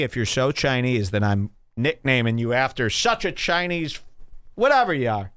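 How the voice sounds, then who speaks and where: A man on a podcast rants sarcastically, his pitch leaping around as he exaggerates. The sound is dry and close, with no room around him. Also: animated, normal speed, fairly bright tone, clean tone, no room sound. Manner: sarcastic, exaggerated mock voices. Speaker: podcast host. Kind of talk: ranting comedic podcast talk.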